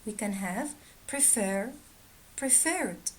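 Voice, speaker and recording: A woman teaching a grammar lesson, reading out word pairs slowly and deliberately. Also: fairly high pitch, animated, a little hiss or hum, rough recording. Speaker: English teacher.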